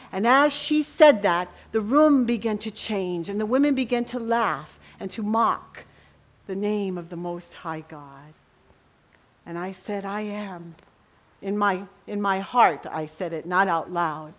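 A middle-aged woman preaching a sermon with passion, dropping to a hush and rising to ringing cries. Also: mid-range voice, unhurried. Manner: impassioned, swings from hushed to ringing cries.

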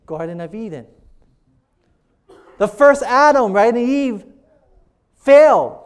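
A preacher delivering a church sermon, reading scripture slowly and pressing the congregation with repeated questions, calling them beloved. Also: mid-range voice, animated, smooth. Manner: reads scripture quotes aloud slowly between comments; calls listeners "beloved" and asks for amens. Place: church service.

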